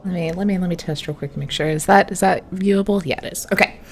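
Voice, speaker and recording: A woman's voice: fairly low pitch, fast, breathy edge. A woman narrating a tabletop game as game master, playful and laughing as she corrects herself.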